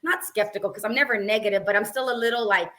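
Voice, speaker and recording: Woman, co-host, measured opinions, bright voice, faint background noise. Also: medium pitch. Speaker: podcast co-host. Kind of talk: casual podcast chat.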